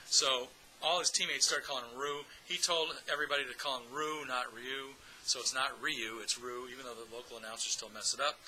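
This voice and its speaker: A man's voice: medium pitch, steady tone, a little fast, sharp tone, low-quality recording. A man hosting a casual fan podcast, chatty and upbeat, speaking straight to his audience. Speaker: podcast host.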